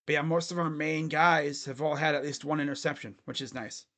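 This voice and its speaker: A man with a noticeably high-pitched voice hosts a casual fan livestream. He talks in a loose, rambling way, chatting with viewers as he goes. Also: steady tone, a little fast, a bit bright. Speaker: sports fan livestream host.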